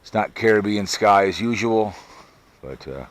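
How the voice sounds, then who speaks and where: A man's voice: fairly low pitch, expressive, unhurried. A man from Minnesota rambling casually in a vlog, recorded on a sunglasses camera mic outdoors, with audible heavy breathing and fillers. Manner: rambling, easygoing, trails off with fillers. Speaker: vlogger. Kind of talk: casual product review vlog. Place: outdoors in a backyard.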